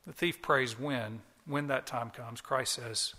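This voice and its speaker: Emphatic preacher with a bright voice. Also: male voice, mid-range voice, steady tone, takes it slowly, in a large hall. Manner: earnest, emphatic preaching with repetitions. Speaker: pastor. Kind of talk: sermon. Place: church.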